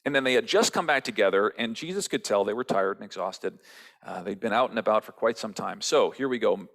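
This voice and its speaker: A male pastor giving a sermon in a relaxed, conversational storytelling way. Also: on the low side, fairly quick, vocal fry. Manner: conversational storytelling, acting out quotes.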